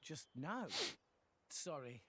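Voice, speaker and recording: A man's voice: fairly high pitch, very animated, slow, very noisy. An actor with a British accent playing an earnest young male adventurer hero in a video game, blurting bewildered questions. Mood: confused. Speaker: game character.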